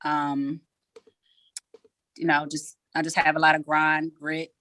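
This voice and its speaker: A woman's voice: deep voice, completely flat delivery, slow pace, sharp tone. A woman, a head coach talking frankly in a casual interview and acting out what people said. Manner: frank, acts out quotes.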